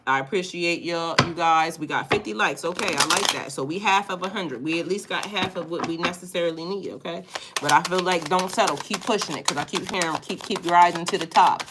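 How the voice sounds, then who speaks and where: A woman's voice: lowish voice, heavy background noise. A woman giving a casual, chatty live-stream tarot reading, laughing often and reading out viewer comments. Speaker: tarot reader.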